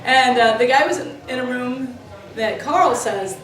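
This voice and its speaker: Interviewed inside the club building where she works, a woman from Florida spins animated, meandering stories full of fillers and side trails. Her voice sits on the high side at a normal speed, captured by a distant mic in an echoey room with faint noise.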